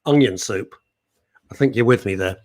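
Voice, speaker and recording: A man's voice: on the low side, moderate pace, a little mellow, no room sound. A middle-aged man, hosting live talk radio and reading out listener comments in a playful, teasing way. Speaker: radio show host.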